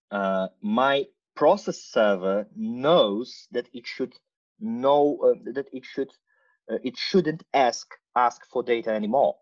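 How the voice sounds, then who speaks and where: A man walks through a technical demo at a slow, unhurried pace, stopping often on fillers. His tone stays casual, with playful asides along the way. The sound is dull and lo-fi, like a remote recording. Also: mid-range voice, a little mellow. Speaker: conference speaker. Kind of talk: technical screen-share talk.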